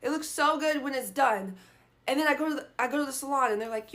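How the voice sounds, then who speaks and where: Frustrated young woman venting, fairly high voice. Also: fast, fairly bright tone. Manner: frustrated, frequent "like" fillers and swearing. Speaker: vlogger. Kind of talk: casual venting monologue.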